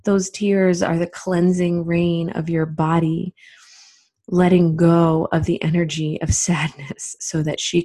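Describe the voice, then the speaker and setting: A woman with a lowish, warm, mellow voice gives a reflective spiritual talk. She speaks gently and lets her phrases stretch out unhurriedly, like a teacher guiding listeners inward. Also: little pitch movement, slow pace.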